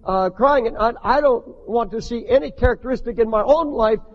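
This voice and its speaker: An older man preaching a sermon as a pastor, impassioned, rising to shouts, with many restarts. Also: extremely high pitch, a little fast. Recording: dull archival recording in a long-echo hall.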